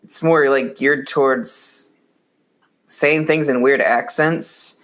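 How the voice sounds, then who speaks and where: A man's voice: medium pitch, steady tone, takes it slowly, a bit bright. Rambling man full of likes. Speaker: podcast co-host. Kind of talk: casual podcast chat.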